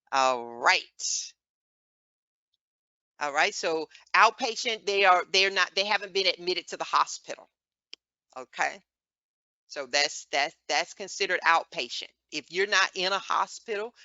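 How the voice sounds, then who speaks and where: A woman with a Southern US accent teaching an online medical coding class, closing almost every point with a quick "okay?" or "all right?" to the students. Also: lowish voice, bright, forceful tone, no room sound, highs cut off. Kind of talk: live online class lecture.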